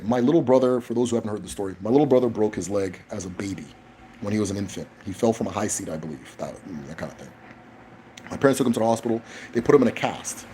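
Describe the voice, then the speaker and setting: A man's voice: fairly low pitch, dark tone, slight background noise. A man hosting a casual livestream Q&A, talking in a blunt, emphatic way with frequent profanity. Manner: emphatic, blunt, profane, tags points with "right?". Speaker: livestream host.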